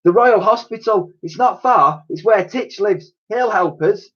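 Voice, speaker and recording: A man voicing an excitable, helpful woman who talks in a high, eager, chatty way. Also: measured pace, husky, lo-fi sound.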